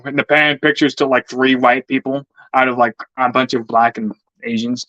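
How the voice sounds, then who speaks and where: A man's voice: medium pitch, flat delivery, normal speed, bright, forceful tone, no echo. A man in a casual, heated rant, swearing often and stammering over repeated words. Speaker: vlogger. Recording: dull lo-fi dry recording.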